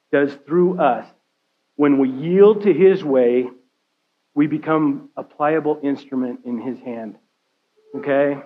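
A man's voice: fairly high pitch, dull audio. A male care pastor giving a conversational sermon, often checking in with his listeners by asking "right?" and "okay?". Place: church sanctuary.

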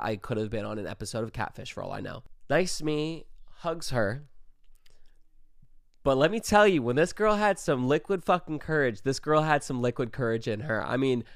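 Animated young man telling a story. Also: medium pitch, dry recording, studio quality. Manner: animated, profane, quick asides. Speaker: vlogger. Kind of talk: casual storytelling.

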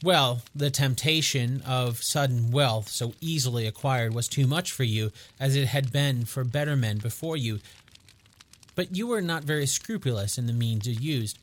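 Male reader as a cool detective, quiet, stern, precise, commanding. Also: medium pitch, normal speed, lightly acted.

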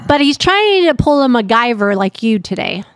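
A woman's voice: fairly high pitch, big pitch swings, moderate pace, smooth, no echo, clean studio sound. A middle-aged woman co-hosting a casual podcast chat, telling a family story and quoting others. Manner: chatty storyteller, quotes others. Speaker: podcast co-host.

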